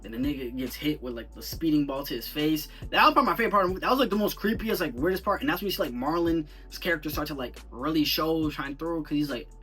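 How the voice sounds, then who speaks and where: Bright-voiced young man ranting about a movie. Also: on the high side, quick pace, few pauses, recorded from a distance, soft background music. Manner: rambling, slang-heavy, animated and incredulous. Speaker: movie reviewer. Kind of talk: casual movie review rant.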